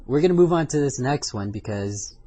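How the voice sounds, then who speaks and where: A man's voice: medium pitch, expressive, fairly quick, mellow. A man hosting his own podcast, talking loosely and offhandedly in one unedited take. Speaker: podcast host. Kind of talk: casual solo podcast narration.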